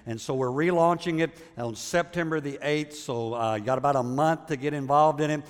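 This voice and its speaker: A man's voice: on the high side, a little fast, long reverb tail. A man preaching a sermon as a pastor, talking conversationally and often checking in with the audience. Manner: conversational storyteller, asks the audience for agreement.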